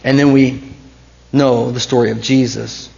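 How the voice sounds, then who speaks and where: Guy preaching, gravelly voice, gets quiet then climbs way up, bit of a dull lo-fi sound. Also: mid-range voice, little pitch movement, unhurried. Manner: impassioned preaching, swinging from hushed to rising. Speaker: pastor. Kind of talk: sermon.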